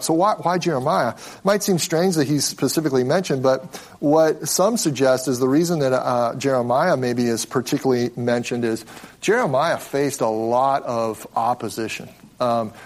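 A man at a middle pitch leads a casual Bible study lesson. He explains in an easy, conversational manner. His thoughts often double back and restart mid-sentence as he works through each point. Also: a little mellow. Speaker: Bible teacher.

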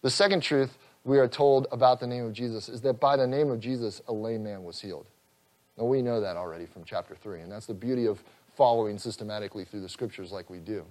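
A man's voice: fairly low pitch, fast talker. Earnest male pastor preaching. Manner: earnest preaching, swells loud on scripture, drops soft, chuckles. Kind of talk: expository sermon.

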